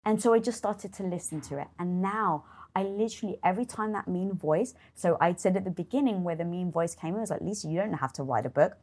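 A woman's voice: fairly low pitch, fast talker, few pauses, darkish tone. A middle-aged woman talking candidly in an interview, acting out her inner critic and swearing freely. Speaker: guest.

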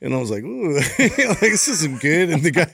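A man's voice: a little high, normal speed. A man co-hosting a podcast, telling a long story in casual chat and acting out the voices of people in it. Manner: animated, acts out voices in his stories. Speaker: podcast co-host.

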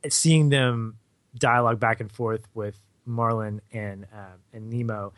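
A man chats casually as a podcast co-host, thinking aloud in a measured, sometimes hesitant way. His voice is of middle pitch, and the recording is dry and close. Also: steady tone, a bit bright, no room sound.

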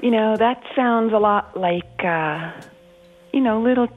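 A woman's voice: on the high side, unhurried, narrow, tinny audio. Hesitant woman guest. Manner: hesitant, with many ums. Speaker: guest contestant.

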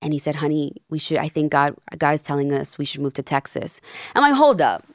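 A woman in her thirties with a notably low voice tells her story in a casual interview. She acts out each quoted exchange with lively emphasis. The sound is dry and close. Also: fairly quick, dry recording. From Peru and New Jersey. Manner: animated, acts out quoted dialogue. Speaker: podcast guest, life coach.

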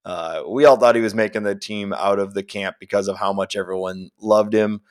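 A man's voice: lowish voice, steady tone, fairly quick. A man co-hosting a sports podcast, chatting casually and laughing easily. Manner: laughs easily, loose and joking. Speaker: podcast co-host.

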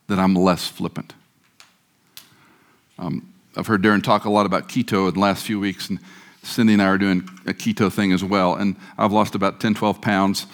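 A middle-aged man preaching a sermon, joking at times and leading the congregation in repeated recitation. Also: lowish voice. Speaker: guest preacher.

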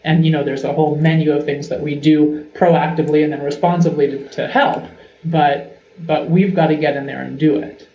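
A woman's voice: deep voice, fairly even intonation, moderate pace, slight background noise. A woman parenting coach explaining her approach earnestly in a casual interview. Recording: echoey, dull remote audio.

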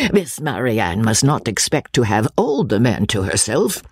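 A woman's voice: extremely low pitch, huge pitch swings, slow, breathy edge, dry recording, exaggerated voice. A woman voicing a hearty, blustering older country squire who talks in a boisterous, gossipy way. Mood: jovial.

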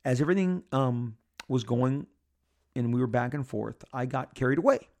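A podcast host tells a story in a gravelly voice of middle pitch, rambling through restarts and asides. When he acts out what someone said, his voice shoots up high with excitement. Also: normal speed. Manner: excitable, acting out quotes with big jumps up in pitch. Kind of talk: casual storytelling.

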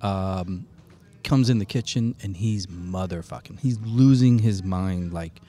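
A man hosting a podcast, chatting casually and telling an animated, swear-laced story. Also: low-pitched, measured pace. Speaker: podcast host. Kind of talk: casual chat and anecdote.

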